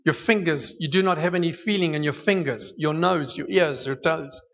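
High bright-voiced male preacher in a hall. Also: moderate pace. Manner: lively storytelling with humor. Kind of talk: sermon. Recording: dull echoey hall recording.

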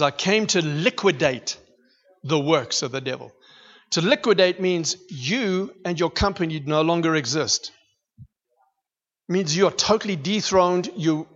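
High-voiced preacher, emphatic. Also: male voice. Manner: emphatic, building to excited declarations. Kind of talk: sermon. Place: church hall. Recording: reverberant hall, dull lo-fi sound.

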